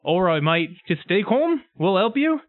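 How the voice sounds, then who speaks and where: A man's voice: high voice, very animated, moderate pace, no room sound. A man voicing a crude, cocky adventurer in a tabletop game, brash and chummy, swearing freely. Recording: phone-like online call audio.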